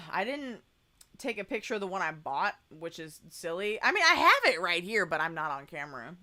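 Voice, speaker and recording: A woman's voice: on the low side, big pitch swings, moderate pace, pushed and bright. A young woman chatting casually in a travel vlog voice-over, rambling with lots of fillers. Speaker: vlogger.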